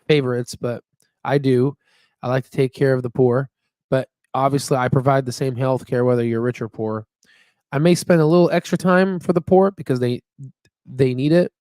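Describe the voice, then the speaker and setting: A man's voice: medium pitch, a little mellow, no room sound, studio quality. A man hosting a casual live stream about stocks, rambling and upbeat with lots of fillers and "you know what I mean.". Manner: upbeat and chatty. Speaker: stock market channel host.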